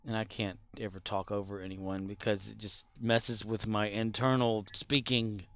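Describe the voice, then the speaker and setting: Gravelly rambling male game streamer. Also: lowish voice, little pitch movement, normal speed, fairly bright tone. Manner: rambling, talkative; laughs often while talking. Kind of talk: casual chat while gaming.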